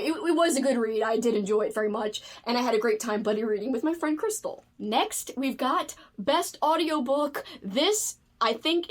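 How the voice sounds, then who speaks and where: A woman from the United States chatting casually about books, animated and gushing, with frequent fillers. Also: a little high. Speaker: book video creator. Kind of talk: casual chat.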